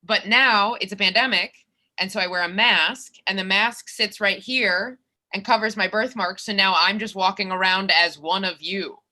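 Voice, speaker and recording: Young female comic, bright forceful tone, self-deprecating stand-up, video call from a bedroom. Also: mid-range voice. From Minnesota, USA. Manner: animated, self-mocking, with quick restarts. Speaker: comedian. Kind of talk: stand-up comedy set. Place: her bedroom.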